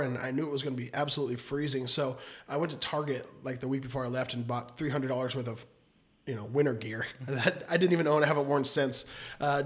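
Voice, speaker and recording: A man's voice: mid-range voice, fairly bright tone. A man in his thirties, a podcast guest, telling long casual stories and laughing often. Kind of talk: casual chat, storytelling.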